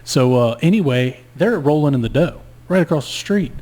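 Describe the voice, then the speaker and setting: A man's voice: a little high, expressive, normal speed, darkish tone. A man telling a long story in casual podcast chat, laid-back and profane. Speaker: guest storyteller.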